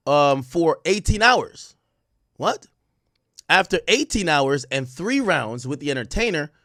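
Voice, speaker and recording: A man hosting a stream, reading court testimony aloud and reacting with profane, animated commentary. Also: a little high, no room sound, studio quality. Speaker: streamer host.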